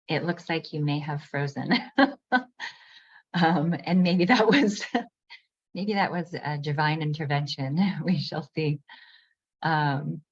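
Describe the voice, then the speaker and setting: A woman's voice: low voice, dull audio. A woman hosting an online group session, thanking speakers with frequent ums and light laughs. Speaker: host. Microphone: video call.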